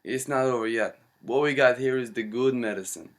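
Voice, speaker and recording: A man voicing a laid-back Rasta doctor who drawls in a relaxed lilt and calls people man. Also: medium pitch, moderate pace, pitched above the performer's own voice, natural voice. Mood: easygoing.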